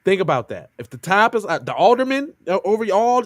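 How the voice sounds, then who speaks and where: A man co-hosting a podcast, reacting to a news clip in animated, slangy casual talk. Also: sits high, quick pace, no room sound, studio quality. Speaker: podcast co-host.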